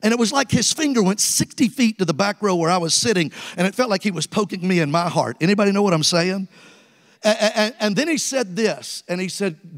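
A man's voice: high-pitched, brisk, in a large hall. A man, preaching a sermon as an evangelist and telling stories while calling out to the congregation. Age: 60s. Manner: storytelling preacher, calls to the congregation. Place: church sanctuary.

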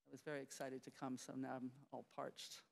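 A middle-aged woman, a psychology professor, giving a lively public lecture, restarting sentences and talking straight to the audience. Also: a bass voice, a little fast, creaky. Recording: reverberant lecture hall.

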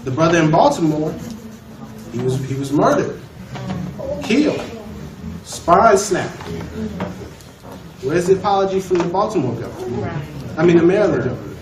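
A man's voice: fairly high pitch, big pitch swings, normal speed, pauses often. Emphatic male lecturer in an echoey classroom. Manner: emphatic, questions the class, repeats for stress. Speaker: law class teacher. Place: college classroom. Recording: echoey room from far off, noisy.

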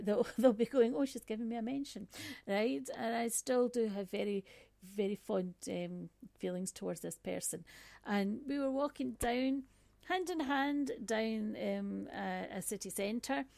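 A woman's voice: mid-range voice, gravelly, warm tone, dry recording. A woman giving a personal storytelling talk, conversational, with frequent asides and fillers. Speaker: speaker on workplace bias.

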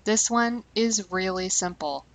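A woman language teacher giving scripted instructional narration, speaking clearly and slowing down deliberately on key terms. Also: medium pitch, no room sound, low-quality recording.

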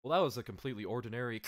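A young man hosting a live stream, calling the action in a loud, excitable way and laughing often. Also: medium pitch, racing. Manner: yells and laughs at big moves, then mumbles when fixing slides. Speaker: stream host and commentator.

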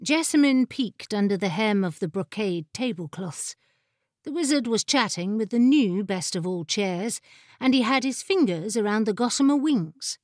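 A woman narrating a fantasy audiobook in a measured, expressive storytelling voice, on a close studio mic. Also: medium pitch, no room sound.

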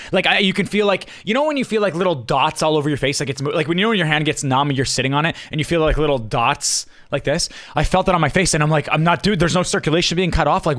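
A young man vlogging, telling a story casually to the camera in an animated, rushed way, full of restarts and quoted lines. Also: on the high side, no room sound, studio quality. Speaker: streamer and vlogger.

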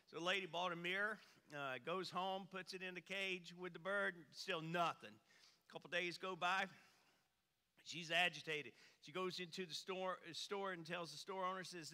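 A man preaching from a church stage. He tells the story in a folksy way, and his voice swings high and loud for emphasis. His tone is very bright and forceful, and his voice rings out through a hall with a long reverb. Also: moderate pace, clear, resonant tone. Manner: folksy storyteller, animated swings in pitch and volume. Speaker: pastor. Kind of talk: sermon with a humorous story. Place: church sanctuary.

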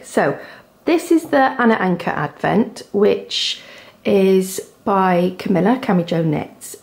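Devon woman, thirties, chatty knitting vlogger at home; unhurried delivery with some vocal fry. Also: mid-range voice. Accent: Devon English. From England. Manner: chatty, gushing over yarn, soft asides. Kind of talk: casual chat to camera. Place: home, indoors.

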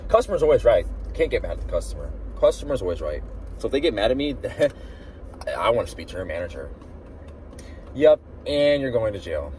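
A man chats and rants from the driver's seat, his voice swinging from mutters to loud outbursts. He talks into a phone he holds in one hand. Faint traffic hums outside the car. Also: medium pitch, recorded from a distance, poor audio. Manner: animated ranting, sometimes loud outbursts. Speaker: vlogger. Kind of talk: casual car vlog chat. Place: inside a car at a drive-thru. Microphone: phone held in hand.

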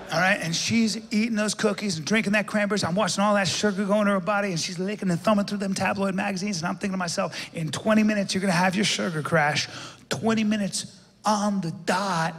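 A man telling a stand-up story in a cocky, self-mocking way, with animated voices for the people in it. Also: sits high, normal speed, vocal fry, in a large hall. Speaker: stand-up comedian.

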